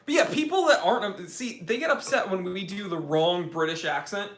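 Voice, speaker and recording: A man's voice: high-pitched, expressive, normal speed, fairly bright tone, echoey room. An American man hosting a live Q&A stream, casual and joking as he reads viewer comments aloud. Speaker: host.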